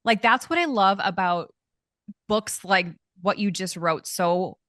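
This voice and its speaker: An enthusiastic woman host on a podcast, affirming her guest and leading into the next question. Her voice sits at a middle pitch. The sound is dry and close. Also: unhurried, fairly bright tone, no room sound. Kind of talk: podcast interview.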